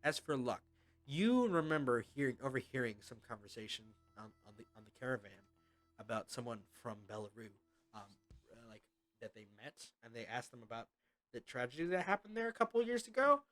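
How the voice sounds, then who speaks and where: A man's voice: medium pitch, animated, fairly quick, a bit bright, faint music behind. A man narrating as game master in a loose, casual way with lots of fillers.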